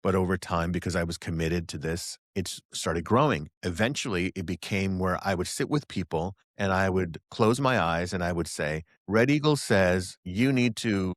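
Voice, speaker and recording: A man's voice: deep voice, moderate pace, hardly any pauses, no room sound, studio quality. A man, a guest psychic channeler, telling stories in a casual interview and acting out the voices he quotes. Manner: animated storyteller who acts out quoted voices.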